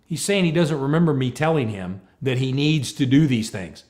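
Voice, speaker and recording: A man giving a talk on leadership, telling a story with lively, animated delivery and acting out both sides of a conversation. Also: medium pitch, moderate pace. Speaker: speaker on leadership.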